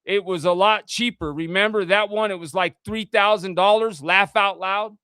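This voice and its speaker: A livestream host reads text messages aloud and rants indignantly, swearing often, in a casual rant. His voice sits high, with a steady, clean tone that's pushed and bright, at normal speed, and the clean studio sound has no room sound.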